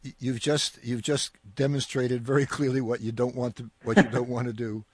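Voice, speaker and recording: A man's voice: medium pitch, level tone, moderate pace, breathy edge, no room sound. Man, call-in show host, hesitant, fillers, dry sound. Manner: hesitant, many fillers and repeats. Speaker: radio call-in show host, physics professor. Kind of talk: radio call-in talk.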